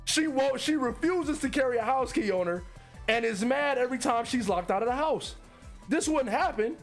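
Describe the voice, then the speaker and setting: A man's voice: extremely high pitch, animated, normal speed, faint music behind. A man streaming his reactions to online posts, reading them aloud with profane, incredulous commentary and frequent laughter.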